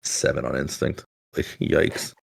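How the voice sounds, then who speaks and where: A man's voice: a bass voice, fairly even intonation, unhurried, vocal fry, husky. A man narrating as game master of a tabletop game, loose and rambling, with lots of "like" fillers.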